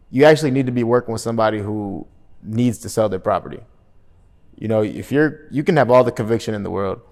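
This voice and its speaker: A real estate sales coach gives an energetic, emphatic talk in a lowish voice, often checking in with "right?" and acting out phone calls in different tones.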